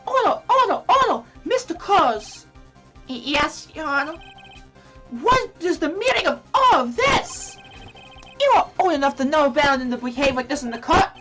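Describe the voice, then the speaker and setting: Scolding old judge, commanding, played by a woman for a game reading; high, firm. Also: sing-song, moderate pace, fairly bright tone, faint music behind. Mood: stern. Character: stern older male judge.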